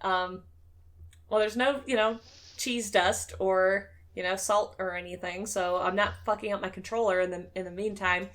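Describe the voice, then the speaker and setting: A woman's voice: mid-range voice, steady tone, normal speed, a bit bright. A woman hosting a casual chat show, talking in a chatty, joking way and swearing casually. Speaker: streamer and show host.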